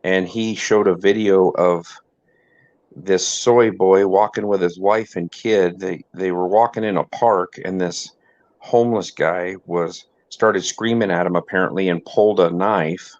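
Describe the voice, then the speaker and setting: Guy hosting a chatty podcast, lowish voice, dull dry lo-fi sound, does little impressions in his stories. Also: steady tone, measured pace, no echo. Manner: storyteller who mimics people in his anecdotes. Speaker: host. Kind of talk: casual podcast chat.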